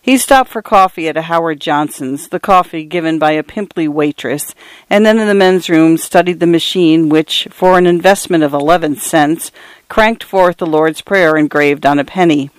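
Smooth-voiced woman reading stories. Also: low voice, no echo. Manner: measured, literary reading. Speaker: radio reader and host. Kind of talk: scripted narration of short stories.

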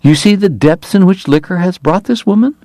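A male narrator voicing a prim, self-righteous wife who moralizes in a shrill, preachy tone. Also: lively intonation, a little fast, dark tone, no room sound, studio quality, close to an everyday voice. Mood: sanctimonious.

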